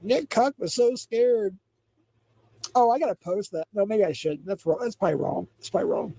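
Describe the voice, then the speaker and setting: A man's voice: high voice, animated, normal speed, warm tone, no room sound, poor audio. A man hosting a livestream, chatting casually, gossipy and mocking, repeating himself. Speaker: livestream host.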